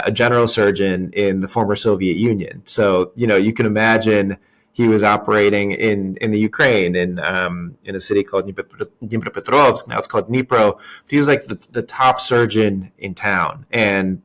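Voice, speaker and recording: A man hosts a podcast in a fairly low voice. He speaks in a thoughtful, friendly way, sharing his own stories and asking long, meandering questions. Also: normal speed, a bit bright. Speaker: podcast host. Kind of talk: casual interview conversation.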